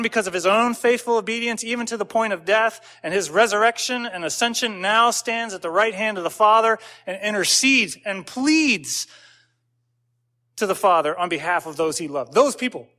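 A man's voice: high voice, moderate pace, bright, forceful tone. A man pastor giving a conversational sermon, telling stories with casual asides and building to emphatic points.

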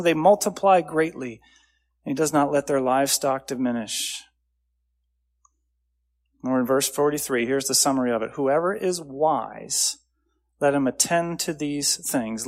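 Earnest man preaching a sermon. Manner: earnest preaching, swells louder on key phrases then drops low. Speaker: pastor.

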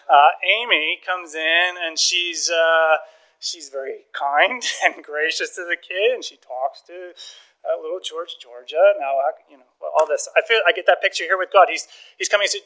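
A man preaching a sermon, telling stories with lively acted-out dialogue and frequent chuckles. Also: fairly high pitch, moderate pace, rough recording. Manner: animated storytelling, acts out dialogue, chuckles often. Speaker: pastor.

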